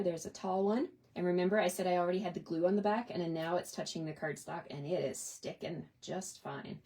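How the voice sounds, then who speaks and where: A papercraft demonstrator hosts a hands-on craft tutorial, chatting cheerfully and upbeat with her viewers while she works. Her voice is fairly low in pitch, a little mellow, and slightly rough.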